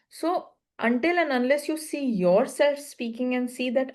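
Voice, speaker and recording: A woman's voice: high voice, expressive, moderate pace, hardly any pauses. A woman coaching a learner one-on-one, explaining patiently in short, repeated phrases. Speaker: English speaking coach.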